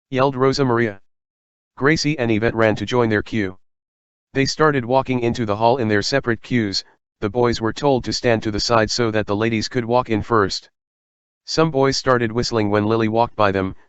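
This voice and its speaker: Smooth-voiced man narrating an audiobook. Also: mid-range voice, no room sound, dull audio.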